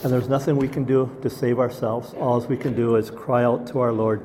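A man's voice: medium pitch, flat delivery, normal speed, noisy background. A man preaching a sermon as pastor, earnest and asking the congregation rhetorical questions.

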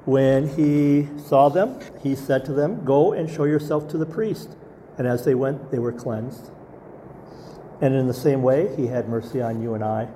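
A man's voice: mid-range voice, a little slow, dark tone, slight background noise. A man preaching a sermon as pastor, earnest and asking the congregation rhetorical questions.

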